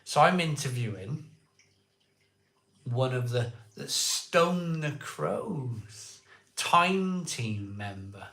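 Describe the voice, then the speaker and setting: An excitable man hosting a casual live stream, chatting with viewers, repeating himself and laughing often. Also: medium pitch, drawn-out words, creaky, pauses often, roomy sound. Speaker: live-stream beer show host. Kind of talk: casual live chat reading viewer comments.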